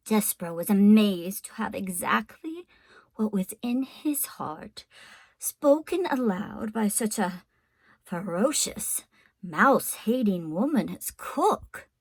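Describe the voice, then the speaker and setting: A woman teacher reading a storybook aloud to her class, in an expressive, unhurried way. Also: mid-range voice, breathy edge, no room sound.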